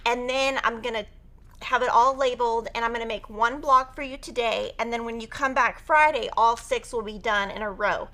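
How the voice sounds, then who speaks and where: A woman's voice: a little high, fairly bright tone. A woman teaching a quilting tutorial on a live stream, chatty and upbeat as she talks through cutting fabric. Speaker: quilting instructor.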